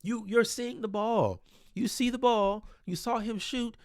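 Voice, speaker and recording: A man's voice: very high-pitched, unhurried, darkish tone, dry recording, studio quality. A man breaking down basketball game film in a casual, exasperated and blunt way, swearing freely.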